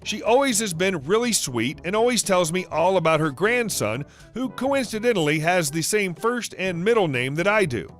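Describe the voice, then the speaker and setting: A man reading stories aloud in a brisk storytelling manner. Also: high voice, very animated, fairly bright tone. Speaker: story narrator. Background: faint music.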